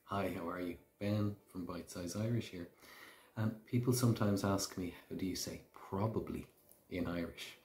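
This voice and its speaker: A man teaching Irish phrases in a language lesson, saying each example slowly and carefully. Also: deep voice, darkish tone. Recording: roomy echo.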